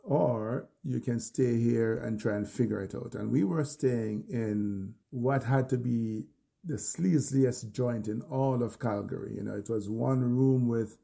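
Gravelly Jamaican man telling a story. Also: mid-range voice. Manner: animated storyteller, acts out his own shouts. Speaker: interview guest. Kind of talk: storytelling interview.

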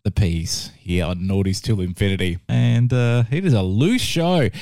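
A man's voice: normal speed, gravelly, no room sound, clean studio sound. A man hosting a music show, chatting casually and cracking jokes between songs. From Australia. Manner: chatty and jokey, with lively swings in pitch. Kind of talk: casual radio-style music chat.

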